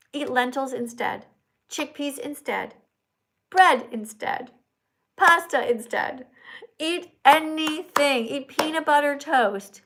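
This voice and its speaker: A woman's voice: high voice, fairly bright tone. An older woman hosting a livestream, preaching emphatically about animals and reading out viewer messages, at times breaking into song. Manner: preachy, emphatic, bursts into singing. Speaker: livestream host reading super chats.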